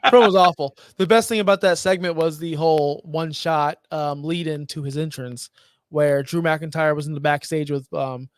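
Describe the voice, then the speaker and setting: A man co-hosting a wrestling podcast, opinionated and animated, acting out quotes as he recaps. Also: fairly high pitch, normal speed, smooth, no echo, studio quality. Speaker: podcast co-host. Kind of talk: casual wrestling podcast chat.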